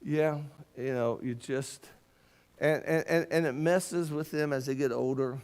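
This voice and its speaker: A man's voice: mid-range voice, measured pace, darkish tone. A man teaching a Bible class at church, earnest and emphatic, often stumbling into repeated words as he restarts his sentences.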